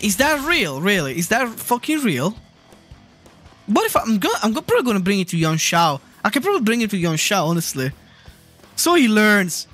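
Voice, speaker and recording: A gameplay streamer with a mid-pitched voice talks over their play, griping and swearing freely and breaking into sudden shouts at what happens on screen. Game music plays faintly underneath. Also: sing-song, brisk. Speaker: streamer playing a video game. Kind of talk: live gameplay commentary.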